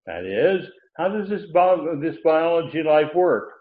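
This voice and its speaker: Here a pastor speaks slightly high and unhurried, his pitch swinging widely as he delivers an expository sermon. He teaches as he goes, lifting his voice on the important words, and the recording has a thin, phone-like quality.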